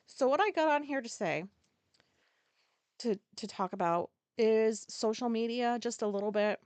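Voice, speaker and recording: A woman with a fairly high voice talks alone on her podcast, wandering from point to point and stacking up filler words. She is blunt and swears freely. The sound is close and dry, with no room around it. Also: normal speed, a little mellow, clean tone, dry recording. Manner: rambling, blunt and profane; casual, lots of filler words. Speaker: podcast host. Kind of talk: solo podcast monologue.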